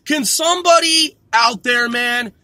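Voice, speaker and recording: High-voiced man in a profane rant. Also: unhurried, bright, forceful tone, dry recording. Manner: profane, exasperated, repeats himself. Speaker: vlogger. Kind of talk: ranting monologue.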